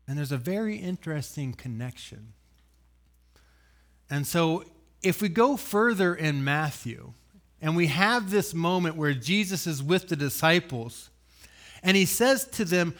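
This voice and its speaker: A man preaching a sermon, telling the story with animated acted-out voices, loud sudden bursts and dry joking asides. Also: fairly high pitch, normal speed. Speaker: pastor.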